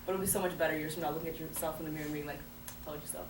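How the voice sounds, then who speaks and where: Fast, lively young woman in an echoey hall. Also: low-pitched. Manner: fast, animated, laughs often. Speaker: guest answering fan questions. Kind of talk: live Q&A talk. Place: large hall at a screening. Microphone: audience phone from far off. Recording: echoey hall, distant, faint noise.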